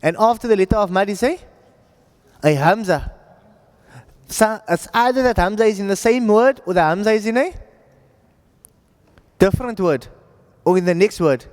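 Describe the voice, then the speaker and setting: A man teaching Quran recitation in a relaxed classroom manner, often pausing to ask "right?" to check that his students follow. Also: sits high. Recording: echoey classroom audio.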